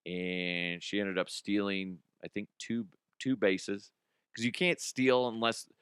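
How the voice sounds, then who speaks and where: A man in his thirties or forties hosting a comedy news podcast, talking bluntly and profanely, swinging between heated rants and quiet asides. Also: fairly low pitch, little pitch movement, slow, smooth, dry recording, clean studio sound. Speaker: podcast host. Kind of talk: casual comedic news commentary.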